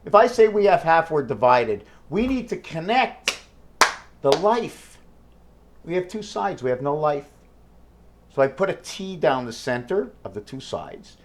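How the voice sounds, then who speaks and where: A man's voice: a little high, sing-song, unhurried. A man talking alone to the camera in a rambling vlog, thinking aloud and hopping between numbers, wordplay and questions to himself. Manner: free-associating, jumps between numbers and wordplay; thinks aloud with many fillers and self-questions. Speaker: vlogger. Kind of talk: rambling solo vlog monologue.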